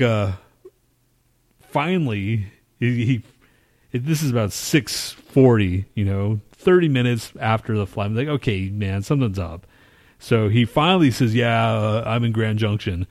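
A man's voice: mid-range voice, a little mellow. A man co-hosting a podcast, telling a long story in a casual, profane, rambling way and acting out his own reactions. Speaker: podcast co-host.

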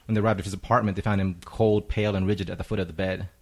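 A man's voice: sits low, level tone, a little mellow. A man on a podcast in a studio, reading out odd news stories in casual, profane chat. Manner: reads out news items fast, profane. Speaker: podcast co-host.

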